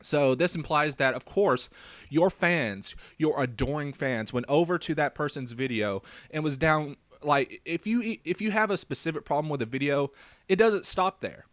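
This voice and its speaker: A man's voice: fairly high pitch, expressive, moderate pace, a bit bright, dry recording. A young man with a faint rural Southern American accent, talking in a rambling response video with lots of fillers and restarts. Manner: hesitant, many fillers and restarts. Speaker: YouTube vlogger.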